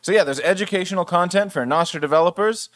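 Relaxed man presenting at a meetup. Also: sits high, fast talker, dry recording. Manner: relaxed, rambling, with fillers. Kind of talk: casual presentation.

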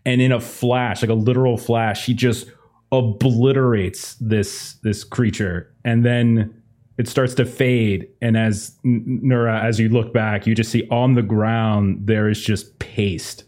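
A man's voice: fairly low pitch, flat delivery, unhurried, a little mellow. A man playing a tabletop game who rambles while describing his character's actions. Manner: rambling, many fillers and restarts. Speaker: player. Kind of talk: tabletop game play and narration.

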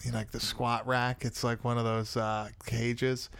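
A man's voice: medium pitch, little pitch movement, moderate pace, creaky, a bit bright, smooth, no room sound. A man hosting a podcast, casually recapping a film in a rambling way, swearing and laughing often. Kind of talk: casual chat.

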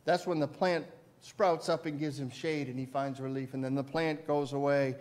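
A man preaching a sermon as pastor, swinging between loud emphasis and quiet asides and putting questions to his listeners. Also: on the high side, fairly even intonation, normal speed. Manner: asks the congregation questions.

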